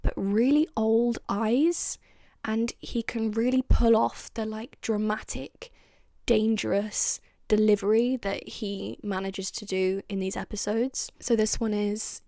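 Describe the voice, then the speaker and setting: A woman's voice: medium pitch, steady tone, slow, dark tone, no room sound. Chatty woman with a dry, close sound. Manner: chatty, laughs often, acts out quoted lines. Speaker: vlogger reviewing TV lines. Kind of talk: casual chat.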